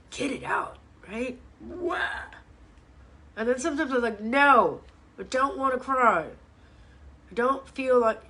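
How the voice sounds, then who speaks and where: A woman's voice: fairly high pitch, fairly bright tone. A middle-aged woman, a fitness coach, chatting casually on a live stream, reacting to viewer comments and swearing now and then. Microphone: device mic, live stream.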